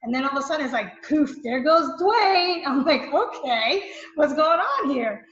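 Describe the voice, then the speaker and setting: High, effusive woman in a roomy recording. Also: animated, normal speed, a bit bright. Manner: effusive and enthusiastic. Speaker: real estate agent client. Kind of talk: client testimonial interview. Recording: roomy, dull audio.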